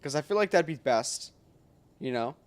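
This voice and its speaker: A man streaming a game, thinking aloud with many fillers and bursting into loud, excited reactions. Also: fairly high pitch, normal speed. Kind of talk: casual gaming livestream commentary. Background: game music.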